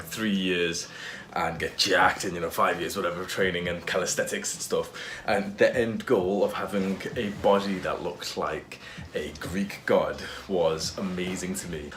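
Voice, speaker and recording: A man's voice: low voice, a bit bright. A young man in his twenties talking casually in a fitness vlog, loose and profane, with lots of fillers. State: out of breath after push-ups. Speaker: fitness vlogger.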